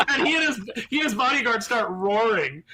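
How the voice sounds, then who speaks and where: A man co-hosting a pop culture podcast, telling a lively anecdote in casual chat and slipping into put-on voices. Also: very high voice, slightly rough. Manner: animated anecdote teller, puts on voices. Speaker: podcast co-host.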